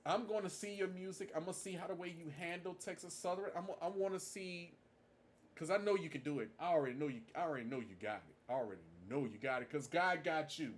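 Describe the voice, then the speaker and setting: A man's voice: a little high, fast talker. A man giving a casual tribute monologue, stressing his points by repeating them. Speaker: marching band fan vlogger.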